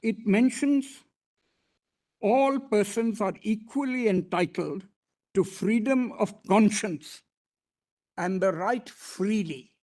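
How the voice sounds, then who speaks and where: Before a court bench, a man with an Indian English accent argues formally at a slow pace in a high, slightly mellow voice. He's deferential and emphatic, calling the judges "my lord" and often starting his phrases over.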